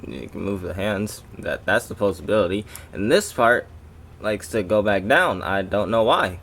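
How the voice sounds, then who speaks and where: A man's voice: on the low side, animated, moderate pace, a bit bright, slight background noise. A man doing a casual toy review, rambling and breaking off into jokey asides to his viewers.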